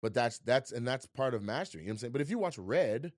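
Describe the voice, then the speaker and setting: Animated, swearing male storyteller. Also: fast, no echo, clean studio sound. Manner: animated storyteller, swears freely, acts out quotes with big pitch jumps. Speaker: guest comedian. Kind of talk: casual podcast chat.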